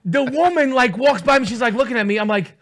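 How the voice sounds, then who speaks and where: A man's voice: extremely high pitch, fast talker. A middle-aged man co-hosting a radio show, telling crude comic stories full of swearing and acted-out voices. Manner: profane, animated storytelling, acts out voices. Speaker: radio co-host. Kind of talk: casual comedic banter.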